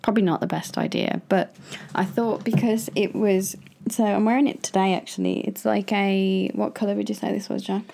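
A woman's voice: medium pitch, fairly even intonation, moderate pace, vocal fry, few pauses, mellow. A young woman co-hosting a podcast, telling stories in a casual chat and laughing often. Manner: chatty storyteller, laughs often. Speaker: podcast co-host.

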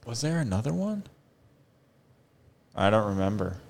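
A man's voice: fairly low pitch, very animated, normal speed, vocal fry, darkish tone. A young man co-hosting a casual sports podcast, talking in a laid-back, hesitant way with lots of ums and laughter. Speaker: podcast co-host. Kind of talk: casual chat.

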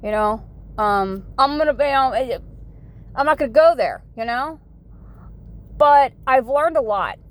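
A woman's voice: high-pitched, animated, measured pace, pauses often. A woman in her forties from the United States, talking in a rambling, folksy vlog monologue full of "you know" asides. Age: 40s. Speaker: vlogger.

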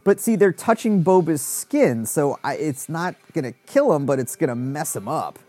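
A man's voice: a little high, animated, moderate pace, warm tone, no room sound. Rambling man reacting to a show. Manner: rambling, with many fillers and restarts. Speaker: show reviewer. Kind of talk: casual reaction commentary.

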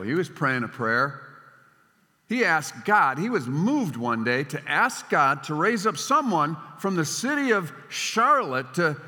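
Older male preacher, bright voice, hall reverb. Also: a little high. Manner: storytelling, swings between emphatic and hushed. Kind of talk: sermon.

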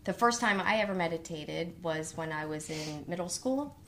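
A woman who teaches kindergarten, telling stories in a casual conversation and talking with animated swings in pitch. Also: a little hiss or hum. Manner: animated storyteller, quick rises in pitch.

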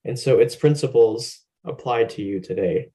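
A man co-hosting a casual faith podcast, speaking in a relaxed, conversational way with an easy humor. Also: mid-range voice, moderate pace, poor audio. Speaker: podcast co-host.

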